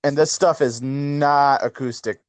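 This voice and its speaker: A man's voice: mid-range voice, steady tone, a little slow, no room sound. A man co-hosting a casual chat podcast. He rambles, mocks himself and laughs easily. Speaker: podcast co-host.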